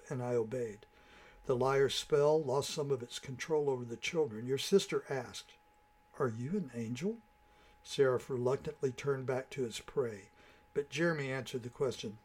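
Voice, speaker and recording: A man narrating a storybook tale in a measured, dramatic way. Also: medium pitch, a little mellow, breathy edge.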